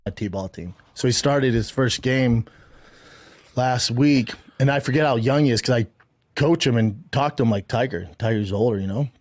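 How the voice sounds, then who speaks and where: A man with a husky voice tells a loose, rambling anecdote on a podcast, proud of his sons. His delivery is relaxed and conversational, recorded dry and close. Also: medium pitch, normal speed, dry recording. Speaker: podcast host in a played clip. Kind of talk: casual storytelling.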